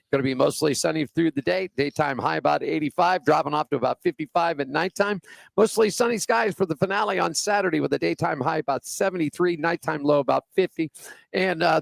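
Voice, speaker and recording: A man's voice: fairly high pitch, creaky, dry recording. A male co-host of a racing radio show reading the race weather and an ad in an easygoing, folksy way. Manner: easygoing, folksy, says buddy and man. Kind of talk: casual racing radio talk. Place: Las Vegas area.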